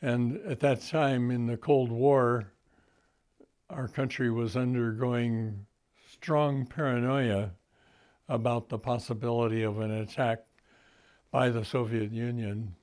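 An older man being interviewed, recalling past events slowly, with frequent fillers and restarts. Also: mid-range voice, fairly even intonation, darkish tone. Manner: halting, many fillers and restarts. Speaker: interview guest.

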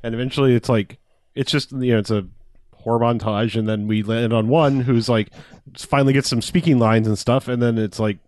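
A man's voice: medium pitch, fairly even intonation, fairly quick, darkish tone, dry recording, clean studio sound. A man co-hosting a podcast, chatting casually and rambling through a movie recap, laughing often. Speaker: podcast co-host.

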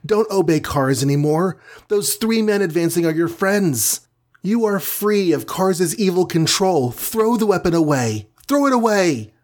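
A man voicing a tiny, frantic winged superheroine in a storybook reading, with shrill pleading cries. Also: a little slow. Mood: desperate.

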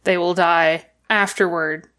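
A woman's voice: lowish voice, fairly even intonation, pushed and bright. A woman co-hosting a casual podcast, explaining game rules precisely with many fillers. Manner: precise, measured, filler-heavy. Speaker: podcast co-host.

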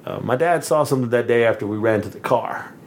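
A man from Texas, co-hosting a podcast and telling a story in a loose, animated way, laughing often and cursing freely. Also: mid-range voice, fast. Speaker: podcast co-host. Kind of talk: casual storytelling chat.

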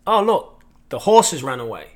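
A man voicing a calm, wise father in a spoken parable, speaking in a measured way. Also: mid-range voice. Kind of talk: storytelling.

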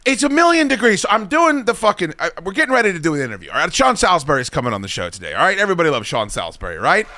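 A man's voice: high-pitched, huge pitch swings, very fast, few pauses, pushed and bright, slight background noise. A male radio host telling a profane, exasperated story in the studio, acting out other people's lines. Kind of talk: casual comic talk radio rant.

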